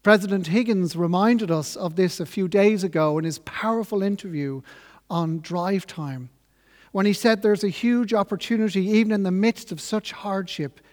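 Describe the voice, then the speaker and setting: A man delivers a sermon, earnest and reflective, moving at a measured pace. His voice sits high for a man. Each phrase rings on in a long, church-like reverb. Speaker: preacher.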